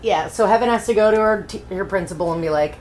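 A woman co-hosting a podcast, trading wry, laughing remarks about a book's plot and swearing casually. Her voice sits at an ordinary middle pitch, with a faint hiss of noise behind it. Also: fast, darkish tone. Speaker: podcast co-host. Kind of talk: casual book-recap chat.

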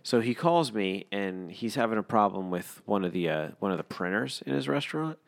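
A young man with a fairly low voice, chatting on a podcast. He swears all the time and tells stories in a rambling way, slipping into quick impressions of the people he is talking about. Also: gravelly. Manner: swears constantly, animated storytelling with impressions. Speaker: podcast co-host. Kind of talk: casual chat.

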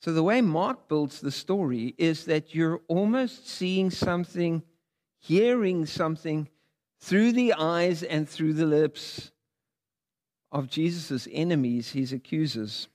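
A man's voice: a little high, takes it slowly, a little mellow. A man preaching a sermon, reading scripture dramatically with big rises and drops in his voice. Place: church sanctuary. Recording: long hall reverb.

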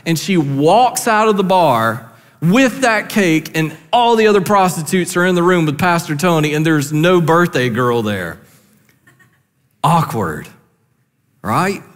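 A man's voice: fairly high pitch, long reverb tail. A male pastor preaching a sermon, telling a story vividly and acting out the voices of the people in it.

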